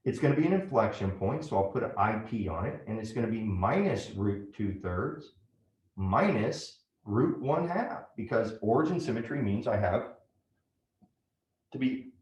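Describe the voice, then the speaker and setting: A man's voice: medium pitch, animated, moderate pace, darkish tone, reverberant. A man teaching a math lesson step by step, often checking in with "right?". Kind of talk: classroom lecture at a whiteboard.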